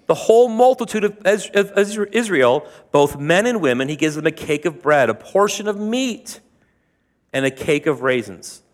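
A preaching man in a reverberant hall. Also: on the high side. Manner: conversational preaching with asides and humor. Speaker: pastor. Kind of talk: sermon.

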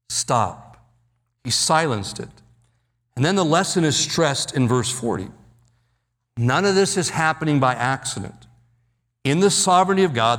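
A man preaching a sermon, dramatically acting out Bible quotes and slowing down to stress key words. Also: on the high side, big-room sound. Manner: dramatic, acts out Bible quotes, slows for emphasis. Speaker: pastor.

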